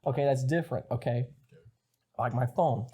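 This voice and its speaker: A man's voice: medium pitch, moderate pace, dark tone, slightly rough. A young man co-hosting a casual podcast, telling a rambling, profane story. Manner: rambling storyteller, swears a lot. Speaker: podcast co-host. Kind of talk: casual chat.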